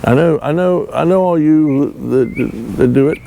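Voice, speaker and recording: Slow-talking folksy man working outdoors. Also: a little high, vocal fry, warm tone, a little hiss or hum. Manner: folksy, self-mocking, chuckles often. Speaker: channel host doing a boat trailer fix-up. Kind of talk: casual DIY vlog talk to camera.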